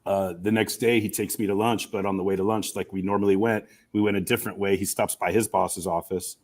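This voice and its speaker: A middle-aged man, a guest on a video call from a campus room, telling his story in an earnest, emotional, animated way. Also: fairly low pitch, a little fast. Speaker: guest, communication professor and coach. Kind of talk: storytelling in an interview.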